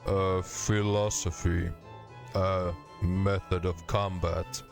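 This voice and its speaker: A man voicing a stern, ponderous stone-like warrior monk who speaks very slowly and refers to himself by name. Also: sits low, level tone, creaky, soft background music, full character voice. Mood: solemn.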